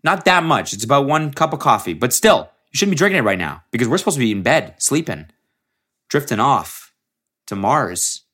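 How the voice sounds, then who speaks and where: A man's voice: medium pitch, very animated, moderate pace, a bit bright, pitched above the performer's own voice. A man voicing his own body as an exasperated bro, scolding him with swearing for staying up late.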